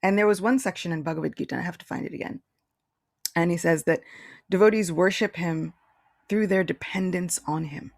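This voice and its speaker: A woman co-hosting a casual spiritual podcast, telling stories in a chatty, animated way with many restarts. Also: lowish voice, fairly quick, gravelly, dry recording, clean studio sound. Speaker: podcast co-host.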